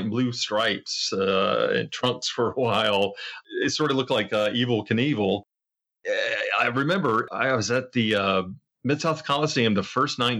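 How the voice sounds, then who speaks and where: Bright-voiced male podcast co-host. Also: medium pitch. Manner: storytelling, rambling with many fillers and restarts. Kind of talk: casual chat.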